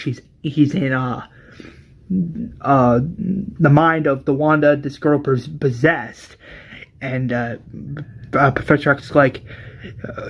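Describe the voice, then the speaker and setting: A man giving a casual, exasperated movie review, animated and full of restarts and hesitations. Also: fairly high pitch.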